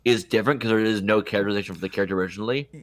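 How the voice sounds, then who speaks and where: A man's voice: lowish voice, steady tone, very fast. Chatty male podcast co-host. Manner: quotes movie lines in silly voices. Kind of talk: casual chat.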